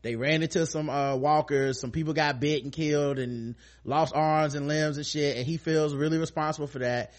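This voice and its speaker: A man hosting a podcast, recapping a TV episode in casual, profane, animated storytelling. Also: a little high, moderate pace, few pauses. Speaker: podcast host.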